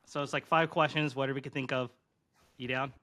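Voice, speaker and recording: A man's voice: medium pitch, steady tone, fast talker, bright, forceful tone. A man in his thirties hosting a podcast, chatting casually and rambling with many fillers. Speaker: podcast host. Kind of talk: casual chat.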